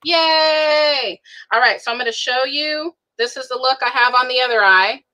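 A woman's voice: high voice, a little fast, sharp tone, poor audio. A woman giving a casual live makeup tutorial over a video call, chatty and listing shade names one by one. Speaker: beauty director giving a makeup demo.

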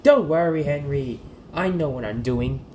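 Man voicing reckless boastful tank engine, high, jumpy. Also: lively intonation, unhurried, mellow, a little hiss or hum. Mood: cocky. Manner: cocky, brushing off warnings.

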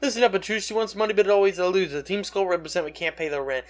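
A man's voice: high voice, steady tone, fast, faint music behind, pitched above the performer's own voice, natural voice. A man voicing a swaggering young male gang grunt from a game, reading the lines as a slangy rap full of "yo". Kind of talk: reading game dialogue aloud in a put-on voice.

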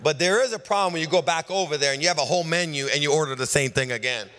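Middle aged pastor guy preaching, bright sharp voice, lists stuff, loud then hushed, long church reverb. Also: fairly high pitch, very fast. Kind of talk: sermon. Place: large church hall. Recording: live church sermon with long hall reverb.

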